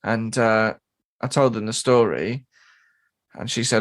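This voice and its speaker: A man co-hosting a podcast, telling a gig story in casual chat, swearing and mimicking people in high squeaky voices. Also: a little slow, long pauses, fairly bright tone. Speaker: podcast co-host and drummer.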